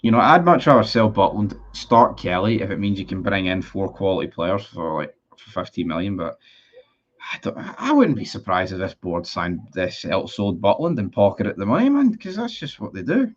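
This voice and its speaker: A man's voice: low voice, sing-song, normal speed, highs cut off. A man in a casual livestream, reading out viewer comments and answering them in a blunt, sweary, sarcastic way. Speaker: football fan streamer.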